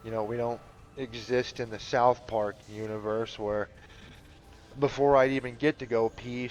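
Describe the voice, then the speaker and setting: A man's voice: medium pitch, flat delivery, normal speed. A man chatting casually over a game playthrough, rambling with lots of fillers and swearing. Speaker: gamer commentating a playthrough.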